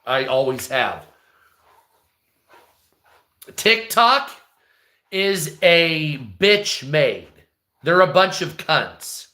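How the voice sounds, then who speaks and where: A man with a hoarse, strained voice, talking bluntly and profanely in a rambling vlog monologue. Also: on the high side, pushed and bright, echoey room. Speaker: online video creator. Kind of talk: casual ranting monologue.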